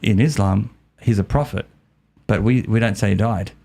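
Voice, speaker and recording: Lower-voiced Australian man telling a story. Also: normal speed, gravelly. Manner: lively, repeats and restarts words. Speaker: podcast guest. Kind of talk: casual storytelling.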